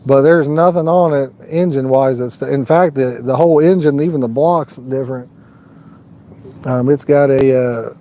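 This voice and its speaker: A man hosting a night fishing livestream, chatting loosely with viewers in a folksy, rambling way. His voice sits a little high for a man, with a dark, mellow tone. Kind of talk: casual live-stream chat.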